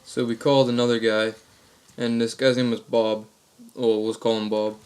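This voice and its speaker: Speaking to the camera, a young vlogger rambles loosely through stories from his own life, peppering them with crude slang for comic effect. His voice is middling in pitch for a man, level and a little mellow, at a normal speed.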